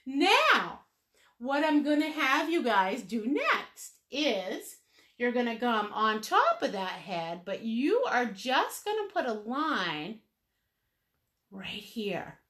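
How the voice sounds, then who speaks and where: A woman's voice: a little high, sing-song, slow, pushed and bright. A woman teaching a live painting lesson step by step, playful and chatty, with sing-song asides. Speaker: painting instructor.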